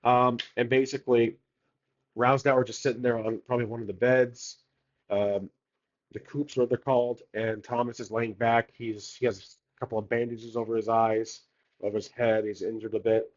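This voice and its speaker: A man's voice: mid-range voice, little pitch movement, moderate pace, lo-fi sound. A man narrating his solo tabletop game, thinking aloud, rambling with many fillers and restarts.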